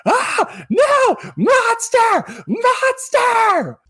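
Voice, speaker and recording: A man's voice: extremely high pitch, wildly swooping pitch, very slow, sharp tone, raised voice, pitched above the performer's own voice, exaggerated voice. A shrieking terrified little boy. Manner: shrieking hysterically. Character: small terrified boy screaming about a monster.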